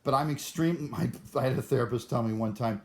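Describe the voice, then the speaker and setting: A man's voice: medium pitch, fairly quick, a little mellow. A man from Cleveland rambling through a self-deprecating, neurotic vlog monologue. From Cleveland, USA. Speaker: vlogger.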